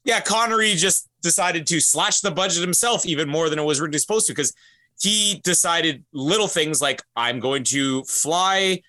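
Bright-voiced man, podcast co-host. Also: a little high, fairly quick. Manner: wry, explains at length with fillers. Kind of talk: casual chat.

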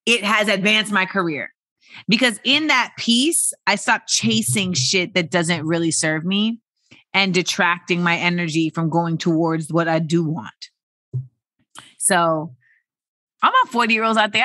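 A woman in her forties hosting a podcast, talking casually and animatedly with many fillers and excited bursts. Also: fairly low pitch, no room sound. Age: 40s. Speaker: podcast host. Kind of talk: casual solo podcast monologue.

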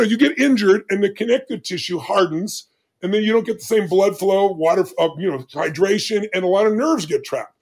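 A man's voice: vocal fry, husky. A man in his sixties, a podcast guest telling stories in an emphatic, dramatic way. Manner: emphatic, dramatic storyteller with big swings of pitch. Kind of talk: animated storytelling in conversation.

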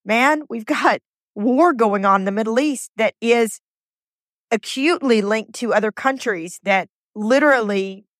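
A woman's voice: a little high, unhurried, a bit bright, no echo, clean studio sound. A woman hosting her podcast alone, speaking, earnest and emotional, often stumbling and repeating words. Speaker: podcast host. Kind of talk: heartfelt solo podcast monologue.

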